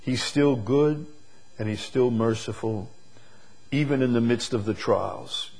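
A man preaching a sermon, moving from quiet, slow reflection to loud, emphatic declarations. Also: mid-range voice, gravelly, breathy edge. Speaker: pastor.

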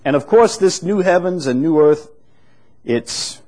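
A man preaching a sermon in an unhurried, conversational teaching manner, growing louder and higher when he reads scripture aloud. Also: lively intonation. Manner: rises in pitch and volume when reading scripture aloud.

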